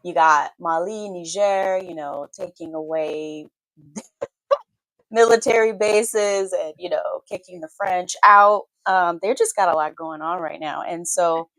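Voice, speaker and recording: Low-voiced, wry woman co-host. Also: slow, fairly bright tone, dry recording. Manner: conversational, many fillers, wry. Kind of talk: casual political chat on a morning show.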